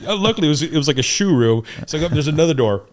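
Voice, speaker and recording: A middle-aged American man with a slightly high voice races through a profane war story as a guest in a podcast interview. He tells it animatedly and casually, acting out what people said.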